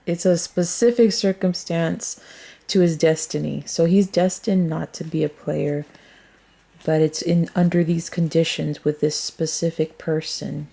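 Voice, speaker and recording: Low-pitched, warm and a bit creaky, a woman's voice holds a steady tone with a breathy edge as she moves a little slowly through a casual tarot reading. She rambles while thinking aloud, talking frankly and bluntly and swearing freely.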